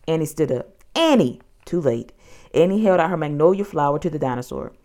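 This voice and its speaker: A woman narrating a children's storybook in an expressive, dramatic way. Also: low voice, quick pace.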